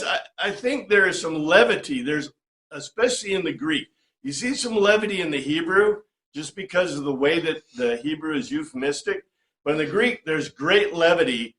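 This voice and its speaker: A man teaching an informal Bible study class, talking in a conversational, animated way and often checking in with "right?". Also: high-pitched, a little slow, reverberant.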